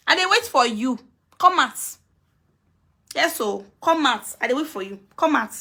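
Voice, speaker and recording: Woman with a Nigerian Pidgin accent, high and bright, taunting rant streamed on a live video. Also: big pitch swings, moderate pace, long pauses. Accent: Nigerian Pidgin English. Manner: scolding, taunting, repeats herself.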